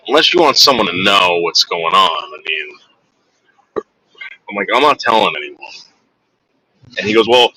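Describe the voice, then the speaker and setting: A man's voice: medium pitch, bright, forceful tone, dry recording, poor audio. A man streaming to his viewers, telling a long story in a rambling, profane way and acting out the voices of the people in it.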